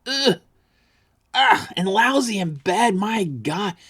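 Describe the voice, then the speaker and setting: A man's voice: high-pitched, lively intonation, slow pace, fairly bright tone, breathy edge. A man ranting crudely about an ex, boastful, vulgar and rambling, as a comedy vlogger.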